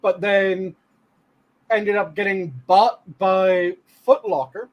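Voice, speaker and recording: A man's voice: high voice, slow pace, dull audio. A man co-hosting a podcast, chatting casually and explaining bits of trivia he looked up. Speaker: podcast co-host. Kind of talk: casual chat.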